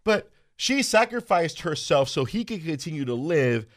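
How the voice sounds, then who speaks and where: A man hosting a podcast, chatting casually in a crude, animated way, laughing often and shouting out quoted lines. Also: fairly high pitch, normal speed, no echo, clean studio sound. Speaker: podcast host. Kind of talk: casual chat.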